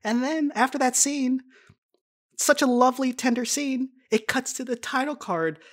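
A woman co-hosting a casual podcast chat, animated and laughing often as a self-described nerd. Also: sits high, normal speed. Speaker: podcast co-host.

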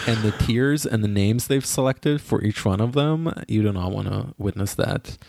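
An American man co-hosting a podcast, chatting in a gossipy, animated way with his pitch jumping up when he gets excited. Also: unhurried, gravelly, no room sound, studio quality. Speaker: podcast co-host. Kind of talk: casual chat.

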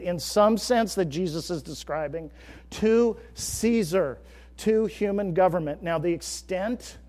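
A middle-aged man preaching a sermon as a pastor, moving between loud, emphatic declarations and quiet, conversational asides. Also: high voice, unhurried, long reverb tail.

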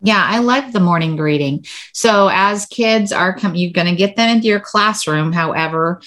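A woman's voice: mid-range voice, normal speed, fairly bright tone. A woman teacher explaining a classroom routine in a casual, enthusiastic way. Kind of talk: casual chat.

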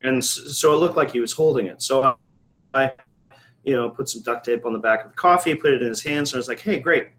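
A man's voice: medium pitch, fast, a bit bright, poor audio. A middle-aged man, a coffee shop owner, telling a rambling anecdote in casual chat, with many fillers and restarts.

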